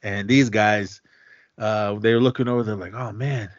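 Man, podcast co-host, casual animated recap, dry close sound, muffled lo-fi. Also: fairly low pitch, moderate pace, no echo. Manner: animated retelling, acting out scenes. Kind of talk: casual movie recap chat. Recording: dull lo-fi sound.

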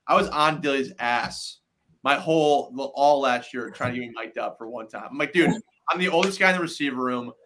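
A man's voice: mid-range voice, fairly quick, pushed and bright. A young man hosting a casual podcast, talking in a slangy way with lots of "dude" and "like".

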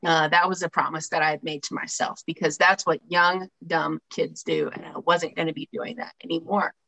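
A woman's voice: low voice, level tone, normal speed, gravelly, sharp tone, lo-fi sound. A woman candidly telling her own recovery story in a conversational way, often checking in with her listeners and reading aloud from a book. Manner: conversational, frequent "right?" tags and fillers. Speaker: speaker sharing a recovery story.

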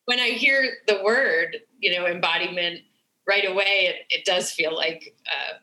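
A woman's voice: on the low side, normal speed, echoey room, poor audio. A woman, a sex therapist, talking reflectively as a podcast guest, with frequent ums. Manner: warm, reflective, many fillers. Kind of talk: podcast interview.

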